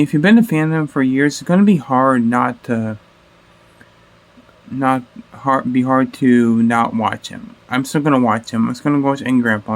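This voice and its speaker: A man hosting a reaction video, talking casually in a rambling way, correcting himself mid-sentence and swearing offhandedly. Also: mid-range voice.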